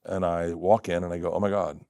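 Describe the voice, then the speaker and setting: A man's voice: sits low, little pitch movement, a little fast, no room sound. Middle-aged guy telling a wild story on a talk show, does all the voices, dry close mic. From Florida. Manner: acts out quoted voices, loud bursts of laughter. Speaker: comedian guest.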